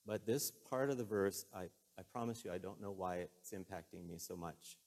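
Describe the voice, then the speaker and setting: A man's voice: sits low, normal speed, darkish tone. Earnest man preaching a conversational sermon. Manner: earnest, emotional, storytelling.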